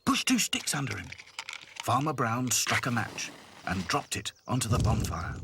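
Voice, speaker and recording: A man narrating a children's cartoon storybook with expressive, lively storytelling. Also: medium pitch, background noise.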